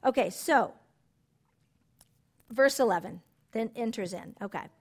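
Middle-aged woman, fairly high voice, chatty Bible teaching, personal stories, soft then emphatic. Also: unhurried. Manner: personal storytelling, swings from soft and low to excited and emphatic.

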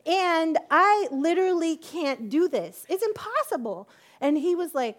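A woman's voice: extremely high pitch, animated, a little slow. A woman giving a personal testimony in church, acting out both sides of her conversations with God and laughing at herself often.

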